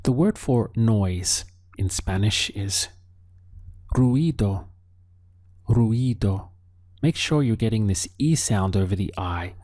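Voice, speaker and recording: A man giving a spoken language lesson, calm and patient, modelling each word slowly so the listener can repeat it. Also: fairly low pitch, no echo, clean studio sound. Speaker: language teacher. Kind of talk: slow, deliberate spoken lesson.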